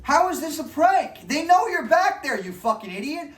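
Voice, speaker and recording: A man's voice: very high voice, big pitch swings, normal speed, far from the mic, faint music behind. Man ranting profanely with a roomy echo. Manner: profane, mocking, sarcastic. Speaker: commentary video host. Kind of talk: ranting reaction commentary.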